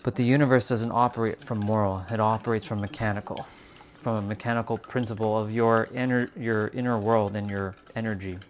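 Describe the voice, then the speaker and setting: Cooking in his home kitchen, this livestream host speaks in a lowish, steady voice at a brisk clip, with a bit of background noise. He muses casually to his chat about spirituality, stumbling over fillers and starting sentences over.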